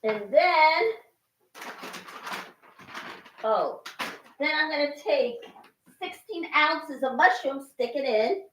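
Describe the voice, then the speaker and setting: High, lively woman cooking at home. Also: takes it slowly, dull audio, slight background noise. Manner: talks to herself while cooking, with sighs and exclamations. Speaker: channel host cooking on camera. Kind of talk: casual cooking narration. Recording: echoey room.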